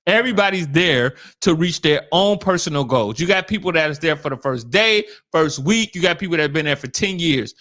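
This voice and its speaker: A man co-hosting a podcast, telling a story in casual chat, animated and laughing, often stammering and restarting his sentences. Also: fairly high pitch, a little fast, few pauses. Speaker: podcast co-host.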